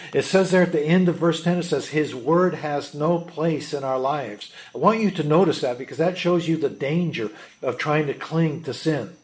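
A man preaching a sermon, earnest, often asking rhetorical questions of the congregation. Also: on the high side. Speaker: pastor.

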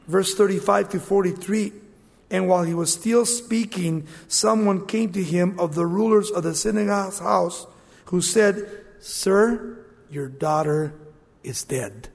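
A man preaching a sermon, animated, acting out scripture scenes in quoted voices. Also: high-pitched, unhurried, gravelly. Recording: long hall reverb.

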